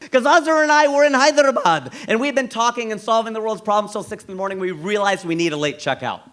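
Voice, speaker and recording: A man performing stand-up on a comedy stage, his voice sitting a touch high and swinging widely in pitch. He tells stories with punchy asides thrown straight at the crowd. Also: fairly bright tone. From United States.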